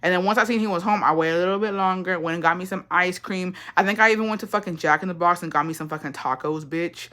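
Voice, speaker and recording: Bright-voiced woman telling a story bluntly. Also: lowish voice, fast talker, few pauses. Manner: blunt, profane, mixes Spanish phrases, animated retelling. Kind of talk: casual storytelling chat.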